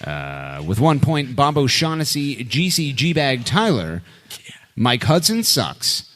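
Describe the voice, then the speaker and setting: A man co-hosting a podcast, reading out a fan leaderboard in crude, deadpan banter. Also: takes it slowly. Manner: deadpan, profane, lively pitch.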